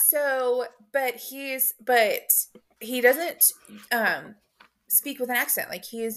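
A woman's voice: mid-range voice, a bit bright. A woman hosting a podcast, chatting casually in a rambling way with many fillers. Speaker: podcast host. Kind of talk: casual conversation.

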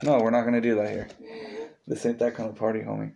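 A man's voice: on the low side, monotone, fast, gravelly, warm tone, a little hiss or hum. A man hosting a podcast, chatting casually with friends, swearing freely and breaking off with jokes while he reads a story aloud. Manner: joking, swears often, reads with asides. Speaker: podcast host.

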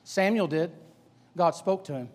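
A man's voice: high voice, a little slow. A male preacher delivering a sermon to young people in a church, emphatic and colloquial, firing off rhetorical questions. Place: church sanctuary. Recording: long church hall reverb.

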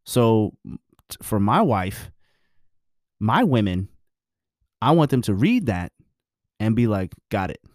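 A man's voice: on the low side, big pitch swings, takes it slowly, pauses often, darkish tone, no echo. Blunt, profane man with a dry voice. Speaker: married man giving relationship views. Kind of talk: casual monologue.

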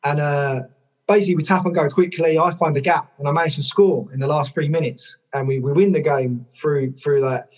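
A man, a former rugby player and coach, telling stories in a podcast conversation, lively, with lots of "like" fillers and casual swearing. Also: a little high, fairly quick, hardly any pauses. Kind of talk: conversational storytelling.

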